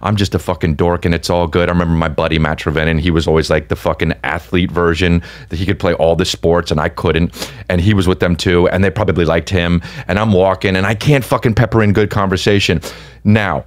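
A man's voice: deep voice, fairly even intonation, a little fast. A man on a comedy podcast telling a long story, rambling and profane, constantly checking in with his listeners. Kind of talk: casual storytelling chat.

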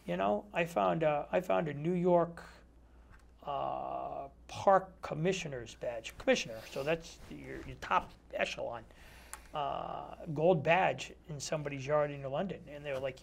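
This Connecticut man, a metal detectorist, chats as a guest in a relaxed community TV studio interview. His slightly high voice moves at normal speed with vocal fry, and he spins stories, performs the dialogue he quotes, and leans on fillers such as "you know."

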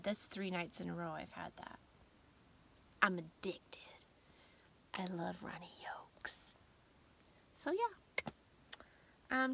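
A middle-aged woman chatting casually to her vlog viewers at night, emotional and tired, often dropping into a near-whisper. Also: medium pitch. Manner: emotional, soft-spoken, drifts into whispers. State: teary and tired at bedtime. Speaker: vlogger.

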